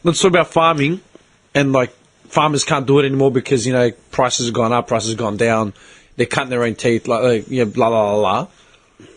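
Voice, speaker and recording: On a casual podcast, this male co-host swears bluntly and acts out both sides of an argument while telling a story. He has a mid-range voice, a steady tone, and a slightly fast pace.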